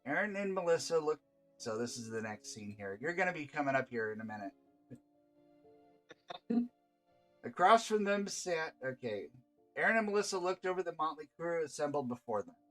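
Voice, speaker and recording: A man's voice: fairly high pitch, big pitch swings, fast talker, fairly bright tone, faint music behind. A man reading his own visual novel aloud as game master, stopping now and then to chat and laugh with his players. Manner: stops to chat and laugh between narration.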